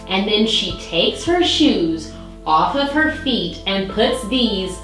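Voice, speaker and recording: A woman's voice: mid-range voice, very animated, slow, fairly bright tone, soft background music. A young woman in her twenties hosting her own show, telling a story in a bubbly, chatty way full of likes. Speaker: show host. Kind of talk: casual storytelling. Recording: very echoey room.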